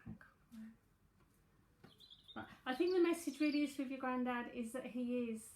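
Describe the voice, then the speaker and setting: A woman's voice: high voice, moderate pace, darkish tone, slight background noise. A woman in her forties with a South London accent, giving a live psychic reading and chatting breezily with viewers, full of asides and fillers. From South London, England. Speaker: psychic medium and tarot reader. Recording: echoey room.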